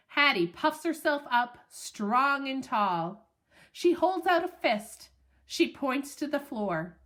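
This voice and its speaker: A woman reads a storybook aloud with a bright, high voice that swoops up and down. She takes her time, giving each line a playful, expressive lilt. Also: slow pace. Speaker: audiobook narrator. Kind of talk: storybook narration.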